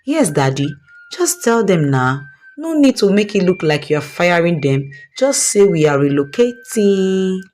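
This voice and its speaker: A woman's voice: lowish voice, big pitch swings, a little slow, darkish tone, slight background noise. A woman voicing a spoiled, entitled young daughter with a haughty, dismissive manner.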